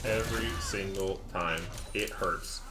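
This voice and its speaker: A young man casting a live esports stream, chatty and quick to laugh as he reads the chat. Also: low voice, fairly even intonation, noisy background. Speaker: esports caster. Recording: jazz music playing behind.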